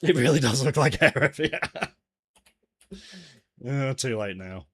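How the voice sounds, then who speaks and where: Speaking at a slow pace in an animated, husky, medium-pitched voice with a fairly bright tone, a man streams himself working on his game jam entry. He chats casually, laughs frequently, and mutters to himself.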